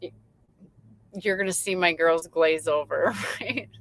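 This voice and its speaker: A woman's voice: fairly low pitch, unhurried, pauses often, no echo, low-quality recording. A woman, a truck driver, chatting casually on a late-night livestream and reading out viewer comments, rambling with lots of fillers.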